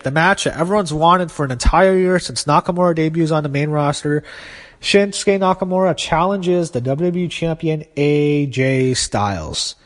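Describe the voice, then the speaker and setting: Blunt, opinionated man with a slightly high voice. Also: long reverb tail. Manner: opinionated, blunt, swears freely. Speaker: wrestling show host. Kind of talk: casual prediction commentary.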